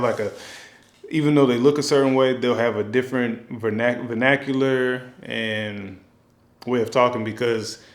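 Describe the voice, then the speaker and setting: A man talking casually at a middle pitch, thinking aloud and circling back with fillers and restarts. His voice carries a noticeable echo from the room. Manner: rambling, with many fillers and restarts. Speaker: film director. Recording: echoey room.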